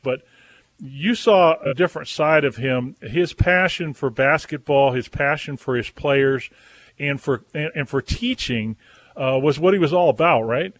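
A man's voice: mid-range voice, dry recording. A male radio host asking long, enthusiastic questions in an interview.

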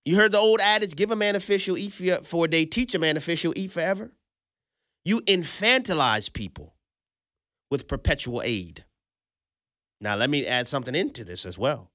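A man's voice: fairly high pitch, lively intonation, normal speed, a bit bright, no room sound, clean studio sound. A man hosting a political commentary show, playful and emphatic, repeating points and laughing often.

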